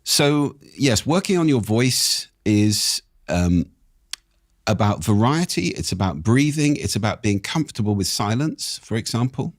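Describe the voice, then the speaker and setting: A man with a very low voice talks as a podcast guest, his delivery expressive and animated. The sound is close and dry, with no room around it. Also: unhurried, no echo. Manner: expressive, animated delivery with wide pitch swings. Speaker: speaking expert guest. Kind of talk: interview conversation.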